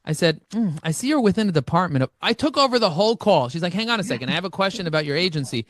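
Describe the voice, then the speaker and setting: A man speaking as an interview guest, telling energetic stories and acting out both sides of conversations. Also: high-pitched, very fast, no room sound, clean studio sound. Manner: animated, acts out dialogue with shifting voices. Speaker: podcast guest, marketing expert.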